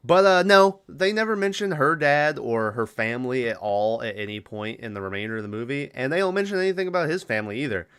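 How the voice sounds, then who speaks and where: A man's voice: mid-range voice, animated, fairly quick, hardly any pauses, fairly bright tone, clear, resonant tone. A young man hosting a podcast alone, loosely retelling a horror film's plot with lots of fillers and swearing. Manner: rambling, profane, filler-heavy retelling. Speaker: podcast host. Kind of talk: casual movie recap.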